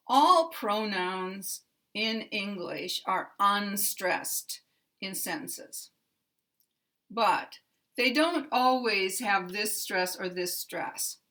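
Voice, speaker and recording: A woman teaching English pronunciation, explaining sentence stress in a careful, measured way. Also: medium pitch, sharp tone. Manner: careful, measured delivery stressing words for demonstration. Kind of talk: slow, deliberate instructional explanation.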